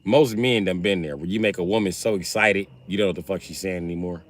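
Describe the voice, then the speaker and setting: A man hosting a livestream, talking in a casual, profane and animated way as he tells stories. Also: deep voice, quick pace, heavy background noise. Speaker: livestream host.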